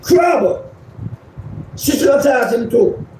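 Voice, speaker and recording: A man's voice: very high voice, lively intonation, slow pace, a little mellow, a little hiss or hum. A Jamaican man giving a heated, rambling political rant as a commentator, repeating himself as he argues. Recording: very echoey room.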